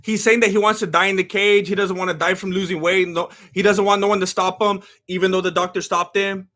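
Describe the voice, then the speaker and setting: High-pitched, bright, ranting man. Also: a little fast. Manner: animated, ranting, often shouting; thanks followers by name between rants. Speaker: live fight companion streamer. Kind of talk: live reaction commentary.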